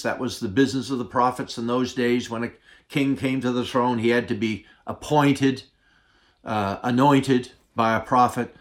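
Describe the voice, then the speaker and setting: A man preaching a sermon as pastor, speaking deliberately with dramatic pauses and often dropping to a soft, hushed voice for tender points. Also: mid-range voice, fairly even intonation.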